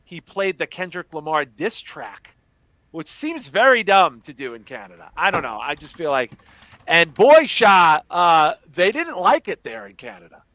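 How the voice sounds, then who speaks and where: A man co-hosting a live-stream podcast, chatting casually in an excitable, profane way. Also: fairly high pitch, normal speed, dry recording. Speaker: podcast co-host.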